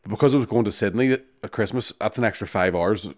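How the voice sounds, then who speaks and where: A man's voice: lowish voice, quick pace. A man, co-hosting a podcast, telling sweary, jokey stories and laughing often. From Northern Ireland. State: jet lagged. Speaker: podcast co-host. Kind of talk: casual chat.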